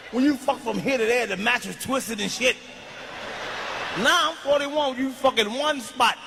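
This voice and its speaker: High voiced guy doing rowdy standup, lots of noise in the audio. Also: creaky. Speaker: stand-up comedian. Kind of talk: stand-up comedy. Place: stage in front of a crowd. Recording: noisy stage recording.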